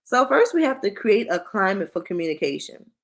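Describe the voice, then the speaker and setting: A woman's voice: medium pitch, sing-song, fairly quick, gravelly. A woman who works as a school counselor, giving a conversational parenting workshop and acting out short parent-child exchanges. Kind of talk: presentation to parents.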